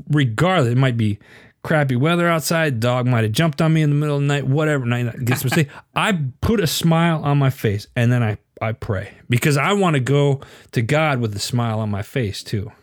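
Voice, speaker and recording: A middle-aged man talks openly about his faith in a relaxed conversation. He speaks in an earnest, confiding way and often circles back over his words as he thinks. The sound is dry and close to the mic. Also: on the high side, no echo. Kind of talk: casual faith chat.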